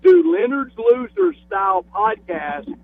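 Southern man in his fifties, high lively voice, gravelly, tinny phone line. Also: slow pace, slight background noise. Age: 50s. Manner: enthusiastic, repeats words when starting sentences. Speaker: radio guest. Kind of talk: casual phone chat.

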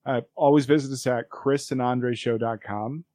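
A man's voice: mid-range voice, fairly even intonation, normal speed, darkish tone, no room sound. Rambling man on a dry mic. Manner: loose and rambling, many fillers. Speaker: podcast co-host. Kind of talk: casual chat.

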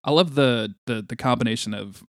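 A man co-hosting a podcast, reacting to a comic in a casual, animated way with quick asides and swearing. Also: medium pitch, no echo, clean studio sound. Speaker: podcast co-host. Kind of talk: casual comic book discussion.

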